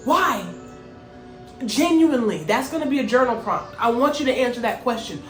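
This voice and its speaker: A woman's voice: a little high, lively intonation, normal speed. A woman hosting a motivational spiritual talk, earnest and emphatic with repeated phrases. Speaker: host. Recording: echoey room, faint music.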